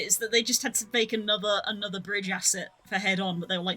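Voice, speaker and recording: A woman's voice: medium pitch, fairly even intonation, quick pace, sharp tone, faint music behind. A woman streaming a game, chatting playfully and giggling, reading lines aloud. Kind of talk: casual game stream chat.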